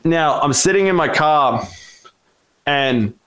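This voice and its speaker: A man's voice: on the high side, expressive, slow pace, fairly bright tone. A man casually telling a wild story, swearing constantly and acting out the voices in it. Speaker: storyteller guest.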